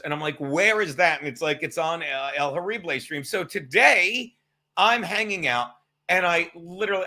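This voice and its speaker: On his livestream, a man with a slightly high, sharp-toned voice spins sarcastic, meandering stories laced with profanity while reading messages from chat.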